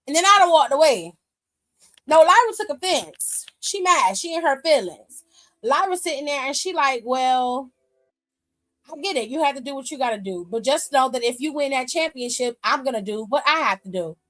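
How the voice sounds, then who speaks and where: A woman's voice: high voice, a bit bright, no echo, low-quality recording. A woman hosting a wrestling aftershow, ranting bluntly and with lots of profanity in casual commentary. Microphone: streaming microphone.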